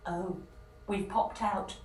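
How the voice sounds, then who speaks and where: A woman's voice: mid-range voice, steady tone, slow pace. A woman leading a children's yoga story at a day camp, telling it playfully and leading chants and movements. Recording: echoey room, distant mic, background noise.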